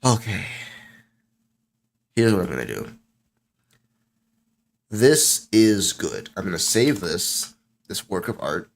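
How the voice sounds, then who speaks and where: A young man streaming late at night, rambling and joking with himself in a tired, low voice that keeps getting sidetracked. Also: sing-song, takes it slowly, creaky, pauses often. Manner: rambling, self-mocking, easily sidetracked. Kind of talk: casual solo stream chat.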